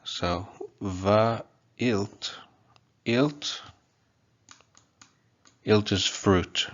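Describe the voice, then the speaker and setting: A man teaching a casual whiteboard language lesson, halting often with fillers and restarts as he explains. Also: lowish voice, fairly even intonation, fairly bright tone, muffled recording.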